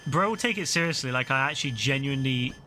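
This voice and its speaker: A man's voice: medium pitch, animated, fast, sharp tone. A young man live-streaming a video game, talking casually with lots of swearing and mock-outraged banter.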